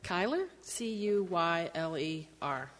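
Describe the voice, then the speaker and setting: A woman teacher reading a picture book aloud to children in a classroom. She tells the story in an animated way and acts out the sound effects. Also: fairly low pitch, slow, long reverb tail.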